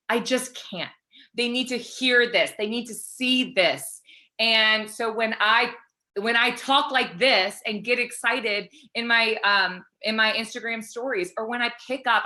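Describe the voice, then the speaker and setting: Bright, excited woman in her thirties. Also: mid-range voice. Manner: excited, fast-flowing, pep-talk energy. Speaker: fitness coach, interview guest. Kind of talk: enthusiastic call interview.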